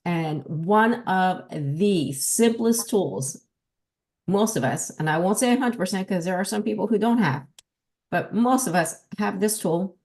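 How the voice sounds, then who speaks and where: A woman with a New Jersey accent hosting a podcast as a dog trainer, explaining in an emphatic, lively teaching manner. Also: mid-range voice, a little slow. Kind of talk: casual podcast talk.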